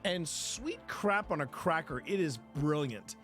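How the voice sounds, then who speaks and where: A man hosts a live stream in a loose, rambling way, often restarting his sentences and swearing casually. His voice sits fairly high, and faint music plays underneath. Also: lively intonation, unhurried, fairly bright tone. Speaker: streamer host.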